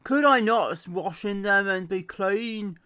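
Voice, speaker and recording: Proud male commander in a Bible reading, indignant, emphatic, slow as a woman reads him. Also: mid-range voice, fairly bright tone. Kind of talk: Bible reading with put-on voices.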